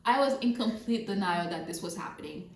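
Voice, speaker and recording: A woman telling a personal story in a casual vlog, animated, repeating phrases for emphasis, recorded near a road. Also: medium pitch, a little fast. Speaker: vlogger. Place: near a road with passing cars. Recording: roomy sound with faint traffic noise. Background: passing traffic.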